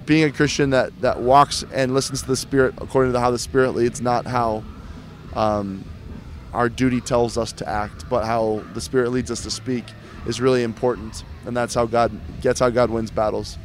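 A man's voice: mid-range voice, little pitch movement, moderate pace. A man earnestly talking about his faith in a casual interview, often repeating words as he goes.

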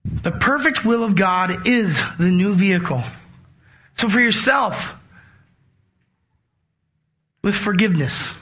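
A man preaching in a conversational, animated sermon. His voice sits high and rings bright, and he slips into acted-out asides as he talks to the congregation. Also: slow, pauses often. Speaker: pastor.

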